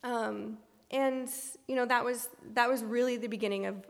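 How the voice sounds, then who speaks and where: A woman with a gravelly, fry-edged voice speaks frankly and with self-mockery about her own past, circling back with fillers and restarts as she tells her recovery story. Her voice rings out with a long hall reverb behind it. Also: on the high side, steady tone, moderate pace. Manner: candid and self-deprecating, many ums and restarts. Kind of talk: personal testimony talk.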